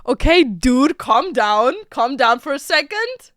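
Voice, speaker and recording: A young woman streaming, chatting casually and reacting excitably, jumping to squealing highs. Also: slow pace, no room sound, studio quality. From Latin America.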